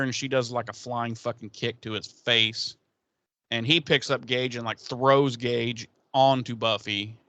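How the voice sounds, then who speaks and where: A man retells an episode in loose, salty podcast chatter, often breaking into laughter. His voice sits at an ordinary pitch. The recording is dry and close, with no room sound. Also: no echo. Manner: profane, laughing, animated storytelling. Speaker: podcast co-host. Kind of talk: casual episode recap.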